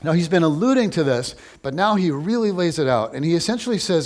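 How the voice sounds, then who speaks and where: A man's voice: on the high side, very animated, quick pace, hardly any pauses, darkish tone. A man preaching a casual, conversational sermon, playful and chatty, acting out little scenes. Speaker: pastor.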